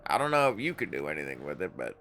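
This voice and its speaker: A man's voice: very deep voice, very animated, fast. A young man streaming a video game live, reading its text aloud with casual, profane asides. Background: faint game music.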